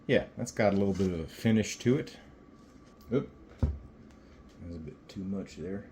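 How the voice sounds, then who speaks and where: A man building a guitar, talking casually to camera as he works and thinking aloud with pauses. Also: low-pitched, dark tone, slight background noise.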